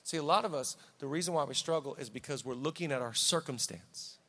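A man's voice: fairly high pitch, brisk, a bit bright. A man preaching a sermon as pastor in a church, conversational and fervent by turns. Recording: reverberant hall.

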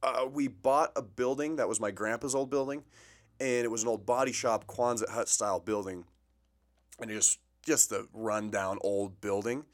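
Man, lowish voice, podcast co-host, casual joking chat, small office. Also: fairly even intonation, normal speed. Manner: laid-back, joking, says "bro" and "dude".

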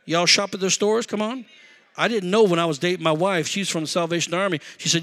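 A pastor preaching a sermon, swinging from shouted calls to the congregation to quiet conversational storytelling. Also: male voice, high voice, quick pace. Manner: preacherly call-and-response, shouting and dropping to conversational asides.

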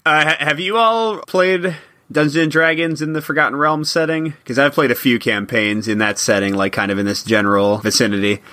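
A man's voice: a little high, moderate pace, bright, forceful tone. A man co-hosting a board game podcast, chatting casually and walking through game rules with an upbeat manner and frequent fillers. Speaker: podcast co-host.

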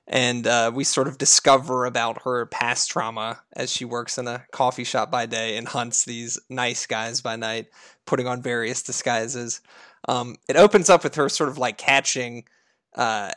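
A man co-hosting a casual film review podcast, laughing often and pausing to recall details. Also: medium pitch, bright, forceful tone, dry recording, clean studio sound. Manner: laughs often, fillers and restarts while recalling. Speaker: podcast co-host.

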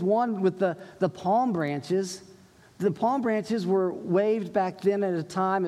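Male pastor, chatty teaching sermon, higher voice, echo of a big church hall. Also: darkish tone. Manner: conversational, explanatory preaching with quoted voices. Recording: long hall reverb.

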